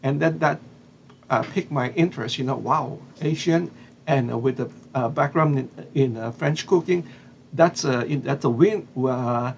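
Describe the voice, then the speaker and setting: In a lo-fi clip with slight background noise, a man from the Philippines speaks at normal speed in a medium-pitched voice with vocal fry and a Filipino accent. The vlogger tells his story casually, hesitating with many fillers and restarts.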